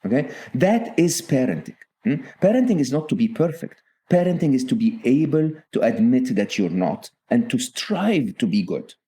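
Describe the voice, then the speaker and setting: Earnest middle-aged man with mellow voice. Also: medium pitch, very animated, normal speed, hardly any pauses. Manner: earnest, often checks in with "okay?". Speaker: guest author. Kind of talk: podcast interview.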